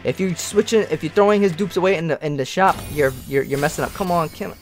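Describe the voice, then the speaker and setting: A young man giving casual, slangy commentary while playing a mobile game, excitable and grumbling at his bad luck. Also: a little high, fast talker, soft background music.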